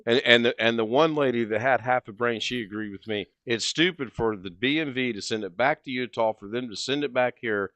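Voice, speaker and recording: A man hosting a livestream, telling a long story in a casual, animated way and acting out both sides of the conversation. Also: medium pitch, a little fast, hardly any pauses, dry recording. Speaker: livestream host.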